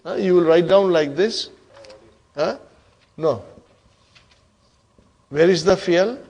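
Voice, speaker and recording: In a classroom with students, a male Arabic teacher with a higher, slightly mellow voice gives a grammar lesson at a slow pace. He quizzes the class, calls them brothers and sisters, and keeps checking in with "huh?" and "okay?"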